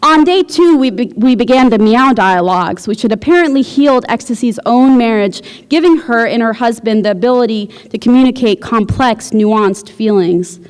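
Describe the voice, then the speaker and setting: A woman reading her own fiction aloud at a university, with a wry, deadpan delivery. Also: on the high side, normal speed, hardly any pauses, clear, resonant tone, big-room sound. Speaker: visiting writer. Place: university lecture hall.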